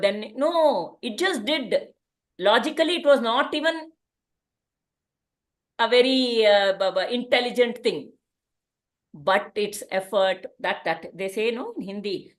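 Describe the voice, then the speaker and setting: A woman gives a spiritual talk in a gentle storytelling manner. Her voice sits a little high, and she often restarts her sentences as she goes. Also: expressive, a little slow. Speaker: spiritual teacher.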